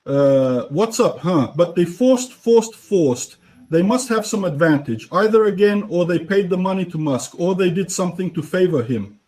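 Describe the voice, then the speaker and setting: A male commentator talks through the news in a dubbed, conversational way. His voice sits a bit high and has a husky grain. He leans on points emphatically and keeps checking in with the listener. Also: animated, normal speed, few pauses. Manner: conversational, keeps asking "right?" and "okay?"; emphatic, often jumps up in pitch and loudness. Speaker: political commentator.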